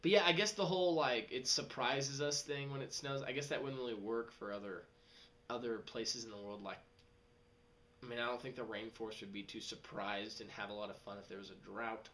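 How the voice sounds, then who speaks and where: A young man, rambling casually in a vlog and jumping into high mocking voices. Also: a little fast, slight background noise. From West Texas. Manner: animated, jumps to high mocking voices when quoting people. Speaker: vlogger.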